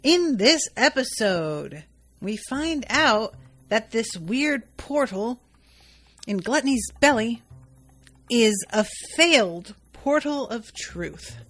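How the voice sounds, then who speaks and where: A woman hosting a podcast recaps an anime episode casually, chatty and profane, with laughs and asides. Her voice is on the high side, very animated and a bit bright, and she takes it slowly.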